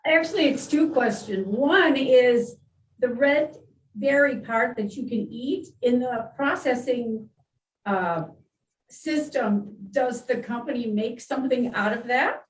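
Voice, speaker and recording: A woman's voice: fairly high pitch, slow pace. Distant woman asking questions, roomy sound. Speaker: program moderator relaying questions. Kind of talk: reading audience questions.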